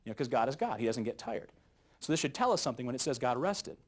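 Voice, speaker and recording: A man teaching a youth Bible study lesson in a jokey, animated way, often chuckling at his own jokes. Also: medium pitch, quick pace.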